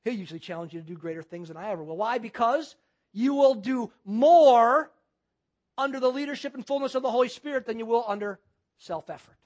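A man's voice: very high-pitched, brisk, darkish tone, highs cut off. A man preaching a sermon as pastor, using repetition and rhetorical questions.

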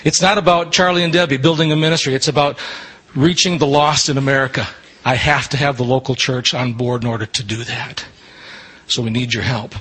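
A man leading a disability ministry, giving an earnest church talk, slowing down to stress his points. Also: medium pitch, fairly even intonation, fairly bright tone, breathy edge, rough recording.

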